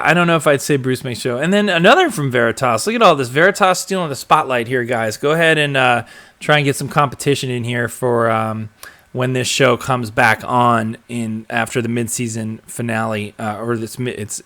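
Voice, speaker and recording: A man's voice: mid-range voice, sharp tone. A young man hosting a live stream in a casual, rambling way, full of ums and restarts as he reads out and answers viewer comments. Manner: rambling, filler-heavy, chuckles and trails off. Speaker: host of a live show reading viewer comments.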